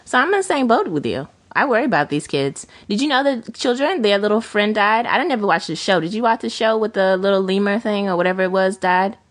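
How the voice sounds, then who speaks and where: A woman co-hosting a casual chat podcast, telling stories with animated acted-out quotes. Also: medium pitch, fast talker, few pauses, no echo. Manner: animated storytelling, acts out quoted voices. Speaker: podcast co-host.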